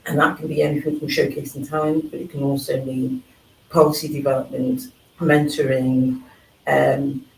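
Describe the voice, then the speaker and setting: A man's voice: medium pitch, flat delivery, normal speed, vocal fry, reverberant, far from the mic, a little hiss or hum, low-quality recording. A man from England speaking thoughtfully on a live panel at a forum, with frequent fillers. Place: event hall at a live forum.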